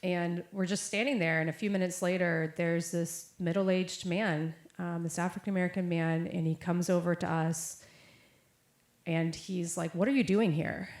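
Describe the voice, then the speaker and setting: Speaking at a normal speed with little pitch movement, this young woman's low-leaning voice carries a sermon that centers on her own story. She tells it casually, full of fillers and voices she quotes, in an echoey room.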